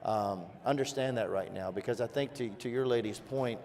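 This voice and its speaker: A folksy man from Virginia speaks with a softened Southern accent, warming to his stories with animated asides. His voice sits at an ordinary middle pitch for a man. He sounds like a host in a relaxed panel chat. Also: normal speed, background noise. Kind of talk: casual panel discussion.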